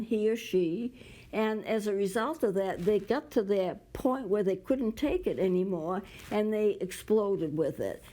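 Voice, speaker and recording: A woman's voice: mid-range voice, warm tone, rough recording. A woman hosting a community TV talk show, explaining ideas with everyday examples and stopping now and then to cough. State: coughing at times. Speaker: show host.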